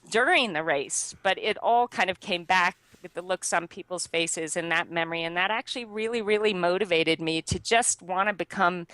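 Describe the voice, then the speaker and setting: A woman guest telling a personal story in a lively, chatty way, with lots of fillers and frequent laughs. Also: on the low side, dry recording, low-quality recording. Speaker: interview guest. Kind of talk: casual storytelling.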